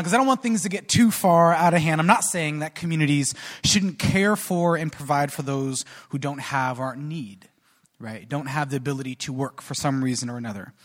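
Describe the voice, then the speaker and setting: Man preaching in a reverberant hall. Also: a little high. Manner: lively, conversational storyteller addressing a crowd. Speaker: guest speaker. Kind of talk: storytelling sermon. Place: large hall with an audience.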